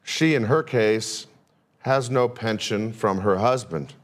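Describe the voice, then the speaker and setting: A man pastor preaching a sermon, asking rhetorical questions and shifting his pace and pitch often. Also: animated, slow.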